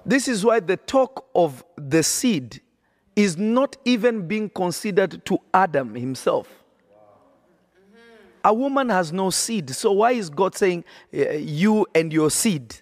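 Man, podcast preacher, emphatic, repetitive, fairly high voice. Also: big pitch swings, slow, no echo. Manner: emphatic, repeats phrases, checks listeners follow. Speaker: prophet and podcast host.

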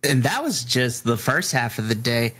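A man, a middle school teacher, chatting casually on a podcast and telling stories in an animated way, acting out his own rants. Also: mid-range voice, moderate pace, slight background noise.

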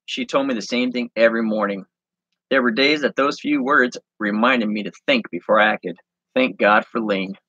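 A man reading his handwritten story aloud, halting and correcting himself as he goes. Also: mid-range voice, pushed and bright, breathy edge, dry recording, lo-fi sound. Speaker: online reseller and host.

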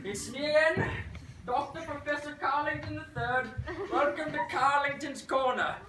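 A woman doing a pompous male professor hosting an advice show, in a live improv comedy scene on a high school stage, recorded from far off in an echoey room with an audience. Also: moderate pace, noisy background, lightly acted. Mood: grandiose. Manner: theatrical, grandiose host patter. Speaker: improv player.

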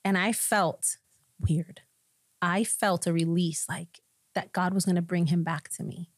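A woman with a fairly low voice tells her story as a pastor on a podcast. She tells it with animated storytelling, and her voice is recorded close and dry. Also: unhurried, dry recording. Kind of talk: personal testimony in podcast conversation.

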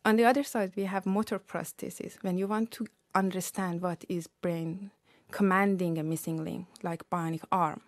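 A woman researcher being interviewed on radio, explaining her work in a measured, careful way. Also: lowish voice, steady tone, dry recording, studio quality. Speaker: researcher guest.

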